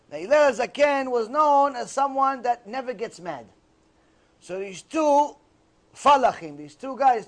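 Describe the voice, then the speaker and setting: A man giving a religious ethics lecture, telling stories and acting out the scenes with lively energy. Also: very high-pitched. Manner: animated, acts out scenes. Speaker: Torah teacher.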